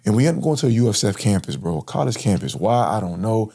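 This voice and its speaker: A man's voice: lowish voice, very animated, fast, mellow. A man in his thirties from Florida, recounting his past as an interview guest in casual, slang-filled, earnest speech. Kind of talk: personal storytelling in interview.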